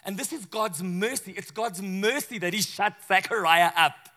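At a moderate pace, a male pastor gives a sermon in a high, bright voice. He speaks to his congregation in a lively, conversational style and often impersonates the people in the story he tells.

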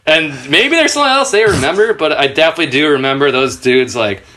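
A man's voice: expressive, fast, bright, forceful tone. A man in his thirties, a skateboarder guest on a podcast, telling laid-back, profane stories and laughing as he talks. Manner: raises his pitch a lot when quoting people. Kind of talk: casual podcast storytelling.

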